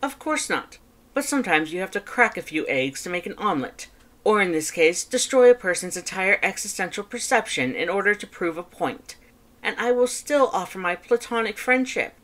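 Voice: mid-range voice, expressive, normal speed, fairly bright tone, voice pushed up, close to an everyday voice. A fan fiction reader voicing a boastful, self-important young man who speaks grandly and theatrically. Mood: grandiose. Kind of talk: fan fiction audiobook reading.

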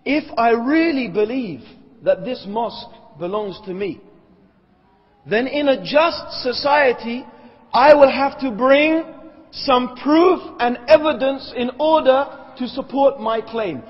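A man's voice: very high voice, takes it slowly. A man giving a religious lecture, arguing emphatically point by point and asking the audience rhetorical questions. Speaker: Islamic lecturer. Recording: echoey hall, dull lo-fi sound.

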